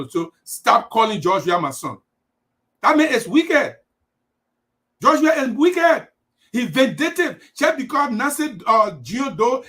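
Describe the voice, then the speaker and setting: A man with a Liberian English accent speaks on a live stream in an emphatic, preachy way, repeating his points. His voice sits high and swoops widely in pitch. He sounds impassioned throughout. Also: a bit bright. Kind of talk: impassioned political livestream.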